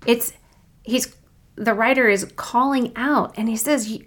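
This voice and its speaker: A woman hosting a faith podcast, speaking in an earnest, reflective and encouraging way, reading scripture slowly and deliberately. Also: fairly high pitch. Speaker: podcast host. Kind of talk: faith podcast devotional talk.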